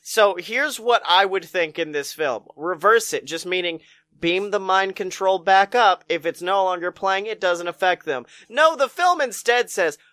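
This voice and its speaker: A man's voice: sits high, animated, unhurried, sharp tone, no room sound. A man co-hosting a podcast, chatting casually about a movie, laughing often and acting out lines in silly voices. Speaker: podcast co-host. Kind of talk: casual movie review chat.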